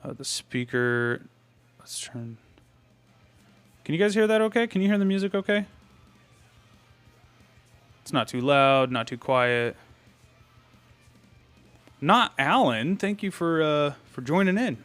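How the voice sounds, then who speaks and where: Young guy rambling on a live stream, talks to chat, thinks out loud, bit of metal music playing low behind him. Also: animated, takes it slowly, long pauses, clear, resonant tone, dry recording. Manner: chatty and rambling, greets viewers, thinks aloud. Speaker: livestreamer. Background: faint metal music.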